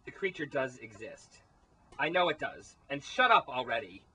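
A man's voice: mid-range voice, very animated, moderate pace, bright, forceful tone, slight background noise, rough recording. A man playing a bossy, pushy female documentary filmmaker with a grating voice, in an amateur comedy spoof. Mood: snappish. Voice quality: grating, annoying voice. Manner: pushy and snappish, ordering others about.

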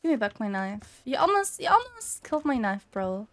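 A woman's voice: on the high side, very animated, normal speed, slight background noise. Chatty young woman gaming streamer. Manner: chatty, easily startled, reads notes aloud. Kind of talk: casual let's play commentary.

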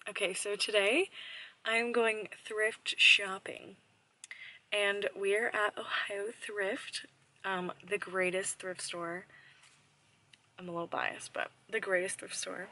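A young woman in a casual shop-with-me vlog, chatty and excited, often dropping to a whisper, filmed on a handheld camera inside a thrift store. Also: medium pitch, slow. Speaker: vlogger. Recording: store noise in background.

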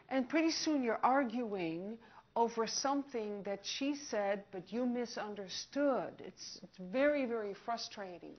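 A woman giving a lively public presentation on hearing. She asks the audience questions and acts out short scenes. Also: on the high side, measured pace. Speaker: audiologist giving a public talk. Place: outdoor picnic gathering. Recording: dull lo-fi recording.

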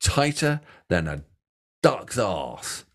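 This man has a lowish voice and talks in a loose, rambling way, cracking jokes and swearing now and then. He is co-hosting a casual music reaction chat with a friend. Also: sing-song, drawn-out words. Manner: jokey, rambling, swears freely. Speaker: reaction video co-host.

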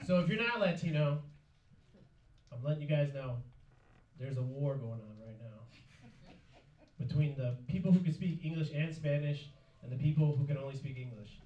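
A man's voice: fairly high pitch, normal speed, long pauses, darkish tone, dull audio. A young man doing a stand-up comedy set on a club stage, telling stories in a sheepish way and acting out the other people in them. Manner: sheepish storytelling, acts out other people's lines. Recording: echoey club with noise, from a distance. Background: audience laughter.

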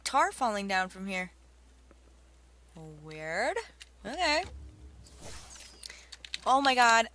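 In gaming commentary, a young woman with a medium-pitched voice sounds excitable and gushing, exclaiming and laughing often as she plays. Recorded on a budget desktop mic, the clip has faint background noise and keyboard clicks.

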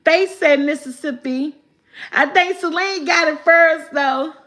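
A woman chats casually on a live stream, reading her viewers' riddles aloud. Her voice sits high, and she talks slowly, repeating each question and breaking into laughter often. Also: a bit bright.

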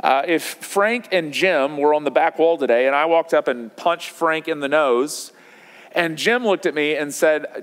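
A man in his thirties preaches to his congregation, talking in a loose, conversational way, full of fillers and restarts. His voice sits a little high for a man. Long reverb from the church hall trails after his words. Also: animated, unhurried, fairly bright tone. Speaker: pastor. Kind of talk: sermon. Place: church auditorium.

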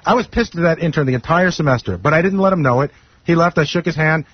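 A man talks fast and insistently, pushing back against criticism. His voice is husky and slightly raised. The sound is dry and dull, like an old radio broadcast. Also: fairly high pitch, no room sound. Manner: defensive, rapid and insistent. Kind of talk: casual studio banter.

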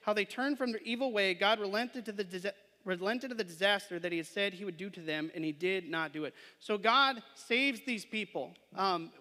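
A man's voice: sits high, bright, forceful tone. A man preaching a sermon, reading scripture aloud and then explaining it conversationally, often checking in with the listeners. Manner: asks listeners questions and adds "right?". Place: church sanctuary. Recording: long hall reverb.

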